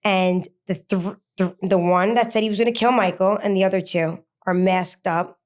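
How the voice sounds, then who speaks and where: Speaking in a mid-range voice with a darkish tone and fairly even intonation, a female interview guest recounts something personal. She falters often, filling pauses, starting over, and rushing out words in bursts.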